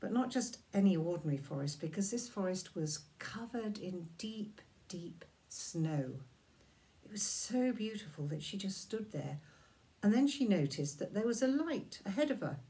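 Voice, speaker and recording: A woman reading a children's story aloud, in a gentle, drawn-out and expressive manner. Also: mid-range voice.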